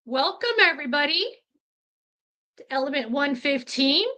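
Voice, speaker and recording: A podcast storyteller in her fifties tells a personal story casually and ramblingly, full of fillers and self-corrections, laughing easily. Her high voice is expressive, pushed and bright, at a moderate pace.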